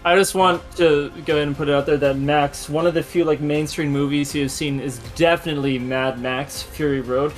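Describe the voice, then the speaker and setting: A man with a fairly high voice narrates his character in a tabletop game and describes each action step by step. Soft music plays quietly behind him. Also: steady tone, a little fast, hardly any pauses. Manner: descriptive storytelling. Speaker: player.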